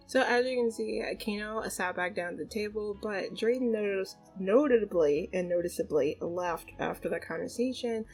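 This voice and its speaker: A woman's voice: mid-range voice, moderate pace, hardly any pauses, darkish tone, breathy edge, faint music behind, rough recording. A woman narrating a life-sim game story casually, retelling every scene as chatty quoted dialogue. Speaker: gaming video creator.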